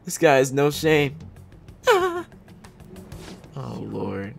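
An excitable young man commenting on a game, his pitch leaping up whenever he laughs or is surprised. He talks in slangy, casual bursts full of swearing, with faint music behind him. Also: very slow, gravelly. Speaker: gaming channel host.

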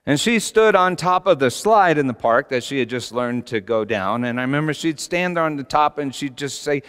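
A middle-aged man preaches a sermon with passion, moving between quiet reflection and loud emphasis. His voice carries a long reverb in a large church hall. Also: a little high, lively intonation, normal speed, few pauses, clear, resonant tone. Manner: passionate, storytelling, rising to shouts. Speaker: pastor.

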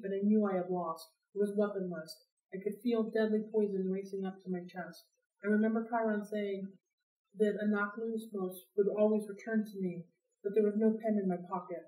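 Woman, reading aloud, expressive storyteller, echoey room, a bit far from the mic. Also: medium pitch. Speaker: library read-aloud host. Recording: roomy sound, distant from mic.

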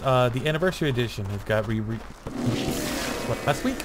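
A man's voice: medium pitch, expressive, moderate pace. Laid-back man chatting over gameplay. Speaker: gaming channel host. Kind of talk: casual co-op gameplay chat. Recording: noisy home game recording.

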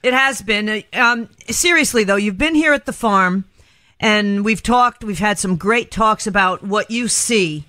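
Bright-voiced chatty woman radio host. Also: medium pitch, a little slow, no echo. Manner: chatty, laughs easily, rambling. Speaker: radio talk show host. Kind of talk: casual radio banter.

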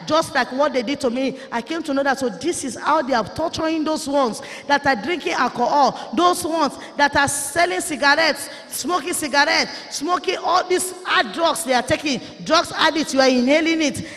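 A woman's voice: high voice, moderate pace, few pauses. Fervent woman preaching in a hall. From Nigeria. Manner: fervent, pleading, often shouting and tearful. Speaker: preacher giving testimony. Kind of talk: impassioned sermon testimony. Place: church conference hall. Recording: reverberant hall.

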